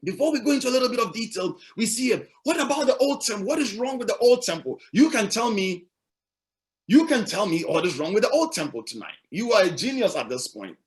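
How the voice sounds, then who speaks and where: A man's voice: high voice, sing-song, brisk. A male pastor preaching a sermon, emphatic and repetitive, asking the congregation rhetorical questions.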